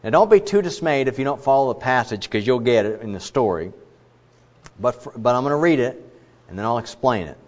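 A man's voice: mid-range voice, animated, fairly quick. A man preaching a sermon, explaining scripture in an emphatic way and putting questions to his listeners. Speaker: pastor. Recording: dull lo-fi sermon recording.

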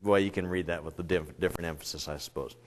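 A man's voice: low-pitched, fairly even intonation, fast talker. A male pastor preaching a sermon in a conversational way, full of rambling asides, little jokes and restarts.

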